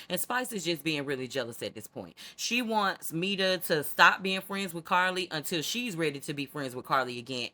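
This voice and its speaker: A woman's voice: low-pitched, sharp tone. A woman hosting a reality TV recap, talking to viewers in a sassy, slangy, casual way.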